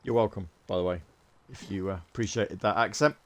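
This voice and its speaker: A gaming video creator with a low voice speaks briskly in let's play commentary, chatty and wry as he plays a video game and thinks aloud.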